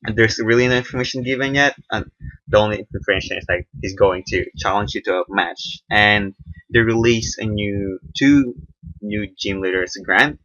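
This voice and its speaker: A young man giving casual, unscripted commentary on a game trailer, halting often with fillers and restarts. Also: on the low side, pushed and bright, dull audio. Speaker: gaming video reviewer.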